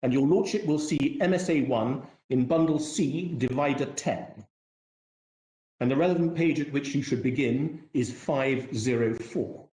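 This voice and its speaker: Formal barrister addressing a courtroom. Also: male voice, medium pitch, mellow, reverberant. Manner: formal, measured, self-deprecating, courteous. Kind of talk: courtroom legal submission.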